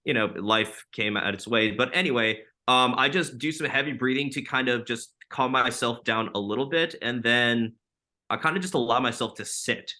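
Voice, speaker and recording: Male guest, late twenties, bright tense tone, casual rambling talker. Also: medium pitch, normal speed. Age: 20s. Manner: loose, filler-heavy talk with many likes and ums. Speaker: podcast guest. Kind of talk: casual interview chat.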